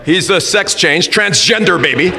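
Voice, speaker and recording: A man coaching rugby, telling a funny story in a lively way at a school assembly. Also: fairly high pitch. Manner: humorous, animated storyteller. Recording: reverberant hall with faint background noise.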